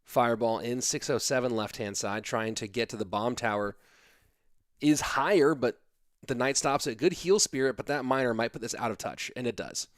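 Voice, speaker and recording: A man's voice: mid-range voice, normal speed, no echo, clean studio sound. A tired man in his thirties casting an esports match on a live stream, chatting casually and reading viewer comments aloud between plays. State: sleepy. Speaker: esports caster.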